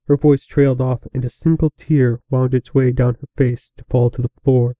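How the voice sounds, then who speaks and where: Male storyteller, mid pitch, dull dry recording. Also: little pitch movement, normal speed, few pauses, no echo. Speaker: narrator. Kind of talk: reading fan fiction aloud.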